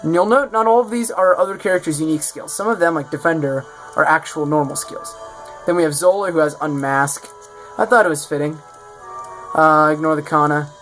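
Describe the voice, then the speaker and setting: A man's voice: on the high side, brisk, fairly bright tone, soft background music. A man casually presenting his own game mod in a showcase, rambling and correcting himself as he goes. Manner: rambling, self-correcting, offhand.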